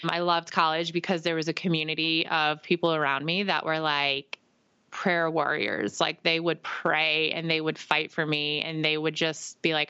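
A woman's voice: low voice, little pitch movement, moderate pace, sharp tone, clear, resonant tone, no echo, muffled recording. A young woman telling an earnest faith story in casual conversation, acting out bits of dialogue. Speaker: guest. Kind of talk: faith testimony in casual chat.

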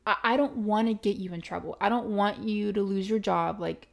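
A young woman co-hosting a podcast, chatting casually and telling stories with quick asides. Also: mid-range voice, creaky. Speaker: podcast co-host. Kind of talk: casual chat.

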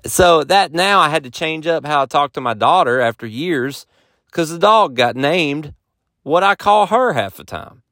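A man's voice: fairly high pitch, expressive, unhurried, a bit bright, no room sound, clean studio sound. A man hosting a podcast, telling a rambling, self-mocking story in a folksy, casual way. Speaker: podcast host and touring musician.

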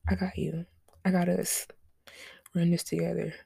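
Young woman host, AAVE, loose and joking, low husky gravelly voice, dry close sound. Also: flat delivery, moderate pace, dark tone, no echo. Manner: loose, joking, cusses and laughs. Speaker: podcast host. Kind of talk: casual solo podcast chat.

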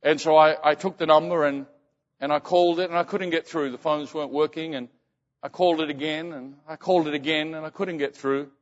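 A man preaching as a pastor, telling a story and often halting and repeating words. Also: fairly high pitch, fairly even intonation. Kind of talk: sermon storytelling. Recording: muffled sound in reverberant hall.

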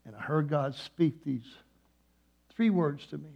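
A man preaching a sermon in a church, moving between hushed, slow passages and loud, passionate peaks. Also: fairly high pitch, gravelly, lo-fi sound. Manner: impassioned, swings from hushed to loud. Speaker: guest preacher.

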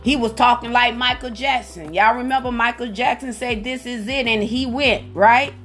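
Brief: middle-aged woman preacher, high voice, fervent, soft music under. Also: fairly even intonation, moderate pace. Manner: fervent, exclaims hallelujah and glory to God. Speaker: prayer line host. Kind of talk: preaching on a prayer call.

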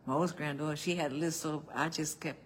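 An older woman preaching a sermon as pastor, calling out to her congregation and swinging between loud outbursts and hushed tones. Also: low-pitched, fairly even intonation, fast, slight background noise. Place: church.

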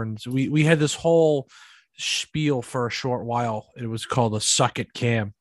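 A man's voice: medium pitch, brisk, no room sound. Rambling podcast co-host man. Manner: rambling, filler-heavy. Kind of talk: casual chat.

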